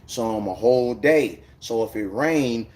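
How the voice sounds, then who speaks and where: A man's voice: medium pitch, measured pace. Loose-talking man on a live stream. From United States. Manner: loose, rambling slang, shouting out viewers by name. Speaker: livestreamer chatting with viewers. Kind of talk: casual live-stream chat.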